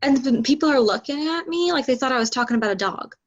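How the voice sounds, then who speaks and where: A woman's voice: sits high, lively intonation, fast, highs cut off. A woman guest in a casual chat, telling stories with a laugh at herself.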